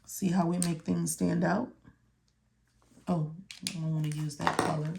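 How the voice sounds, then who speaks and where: Slow, deliberate woman teaching medical coding. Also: on the low side, flat delivery, creaky, noisy background. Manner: repeats key words, asks and answers own questions. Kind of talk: step-by-step tutorial walkthrough.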